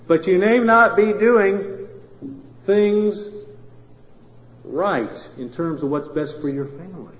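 A male pastor preaching a sermon, moving between loud emphatic lines and quiet intimate ones and asking the congregation questions. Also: high voice, slow pace, pauses often. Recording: roomy hall reverb, dull lo-fi sound.

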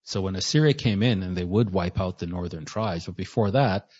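A man with a low, husky voice preaching a Bible teaching sermon. He reads passages, then retells them in casual everyday words. The recording sounds dull and lo-fi. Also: brisk, darkish tone. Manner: retells scripture in his own words, conversational asides.

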